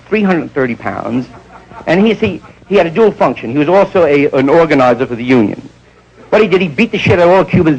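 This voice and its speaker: A man doing stand-up storytelling, jumping into quick voices of the people in his stories. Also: a little high, a little hiss or hum, rough recording. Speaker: stand-up comedian.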